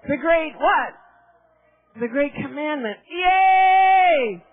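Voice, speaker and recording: A woman preaching ecstatically at a church meeting, shouting exclamations and breaking into laughter and tears as she speaks. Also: very high-pitched. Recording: tinny phone-like live recording.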